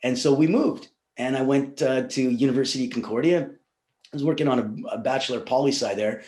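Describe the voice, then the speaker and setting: A man's voice: mid-range voice, fairly quick, a little mellow. Chatty man in a roomy echo. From Russia, raised in Canada. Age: 40s. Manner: chatty storyteller, laughs often. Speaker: podcast guest. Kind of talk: casual interview chat.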